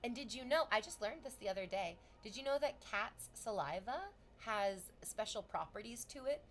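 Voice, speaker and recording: A young woman streamer from Canada chatting casually with her viewers, telling stories with lively acted-out voices. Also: on the high side, normal speed, slight background noise. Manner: animated storytelling, acts out voices.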